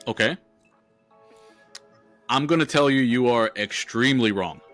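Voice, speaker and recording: A male podcast co-host chats casually in a bright, forceful voice, speaking loosely, swearing freely and laughing often. His voice is mid-range and unhurried, with faint music in the background.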